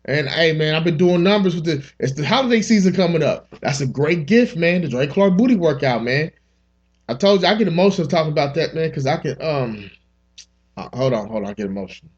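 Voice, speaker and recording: A man's voice: fairly high pitch, animated, fairly quick, highs cut off. A man hosting a comedy podcast, rambling through topics with loose, profane, joking talk. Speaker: podcast host. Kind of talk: comic podcast monologue.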